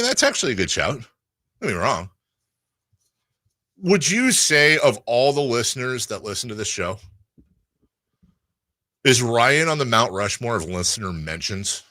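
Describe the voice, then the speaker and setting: Speaking a little slowly and pausing often, a medium-pitched man hosts a sports talk radio show with casual, animated chatter that rambles and interrupts itself. The studio microphone yields a dry recording of studio quality.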